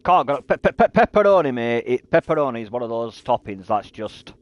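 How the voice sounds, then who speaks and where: A chatty British man in his thirties rambles while he plays a game on stream. He keeps tripping over his words and repeating them before he gets a sentence out. His voice sits at an ordinary middle pitch for a man. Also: fairly quick, no room sound. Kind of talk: casual chat while gaming on stream.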